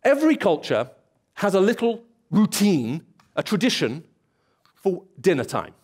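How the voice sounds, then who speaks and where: A man's voice: sits high, very animated, unhurried, darkish tone, breathy edge. A man preaching a sermon in a church, telling stories and acting out bits of dialogue. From England. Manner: storytelling, acts out dialogue and voices.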